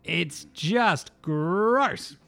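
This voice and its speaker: A man's voice: on the high side, lively intonation, extremely slow, creaky, sharp tone, no room sound, soft background music. A man with an Australian accent hosting a casual, sweary, mocking basketball podcast. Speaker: podcast host. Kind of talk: casual sports chat.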